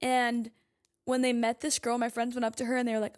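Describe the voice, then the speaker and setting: A woman's voice: fairly high pitch, level tone, a little fast, clean tone. A woman in her twenties talking casually to her audience as a podcast host, chatty and emphatic, with lots of "like" fillers. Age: 20s. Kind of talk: casual monologue.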